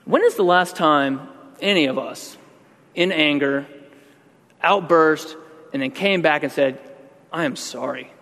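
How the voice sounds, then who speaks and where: A man's voice: a little high, a little slow, long pauses, bright, forceful tone, big-room sound. A man pastor giving a sermon, talking conversationally and then building to emphatic outbursts.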